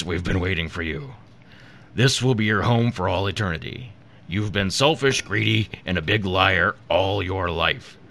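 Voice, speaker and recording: A man doing a slow, mocking voice as a smug, gloating Satan in a read-out joke. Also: sits low, bright, forceful tone, voice pushed down.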